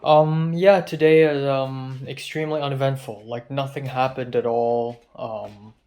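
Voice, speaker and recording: A man's voice: mid-range voice, fairly even intonation, measured pace, a little mellow. A young man venting in an agitated, profane video diary, recorded indoors at his apartment. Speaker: vlogger.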